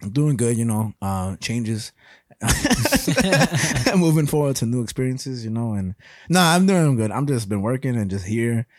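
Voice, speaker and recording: A young man co-hosting a podcast, chatting casually and rambling through his stories. He swears freely and laughs through his own tales. His voice sits at an ordinary middle pitch, recorded dry and close with no room echo. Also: big pitch swings, a little slow. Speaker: podcast co-host. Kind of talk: casual chat.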